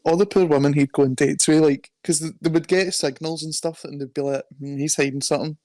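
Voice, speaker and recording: A man's voice: a little high, fairly even intonation, brisk, darkish tone, dry recording. A man co-hosting a casual podcast, easygoing, cracking dry jokes and giving lots of listening noises. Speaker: podcast co-host. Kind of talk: casual chat.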